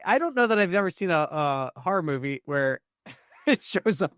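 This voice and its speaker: A man co-hosting a podcast, chatting casually with quick bursts and laughs about a movie. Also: high voice, big pitch swings, a bit bright, no echo, studio quality. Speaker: podcast co-host. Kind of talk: casual movie review chat.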